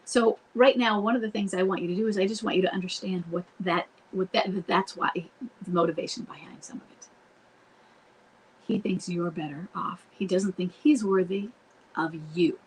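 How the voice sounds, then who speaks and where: A woman's voice: mid-range voice, steady tone, normal speed, a little hiss or hum, rough recording. A woman coaching spouses in a live online Q&A, talking earnestly and directly and breaking off to act out what to say. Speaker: marriage coach answering viewer questions. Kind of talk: live Q&A advice talk. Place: home, streamed live online.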